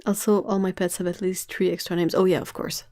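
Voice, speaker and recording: A woman's voice: lowish voice, level tone, brisk, mellow. A woman hosting a livestream in casual chat, telling stories in a chatty, giggly way. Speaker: livestream host.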